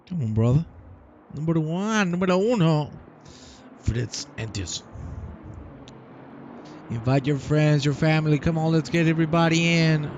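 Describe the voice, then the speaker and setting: A man giving live sim racing commentary, teasing and cheering the drivers on in an excited, hyped way. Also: fairly high pitch, a little slow, long pauses, dull audio, a little hiss or hum.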